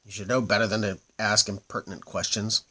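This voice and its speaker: A man's voice: lowish voice, little pitch movement, a little fast, sharp tone, slightly rough. A man voicing a grumpy, bent little old man who snaps impatiently in a storybook reading. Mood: snappish. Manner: snappish, impatient.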